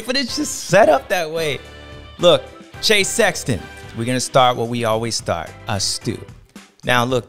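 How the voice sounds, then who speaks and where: A man hosting a casual sports podcast, talking in a playful, animated way and drawing out and shouting words for emphasis. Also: medium pitch. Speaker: podcast host.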